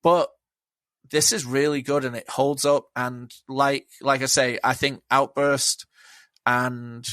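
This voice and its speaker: A man's voice: medium pitch, fairly even intonation, takes it slowly, fairly bright tone, dry recording. Enthusiastic man, dry sound. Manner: enthusiastic, rambling, swears freely. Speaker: podcast guest. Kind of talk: casual chat.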